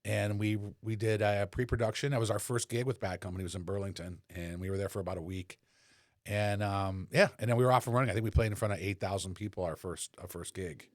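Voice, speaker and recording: A man in his sixties, a podcast guest and former rock bassist, telling relaxed, rambling anecdotes with lots of fillers. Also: fast, dry recording, studio quality. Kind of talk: casual conversational storytelling.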